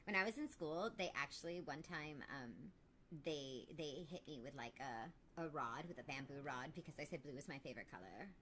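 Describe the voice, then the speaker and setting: Woman as haughty young princess; smug, teasing, lively delivery, lowish bright tone, let's-play. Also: normal speed, slight background noise. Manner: smug, teasing, self-satisfied. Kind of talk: in-character let's-play banter.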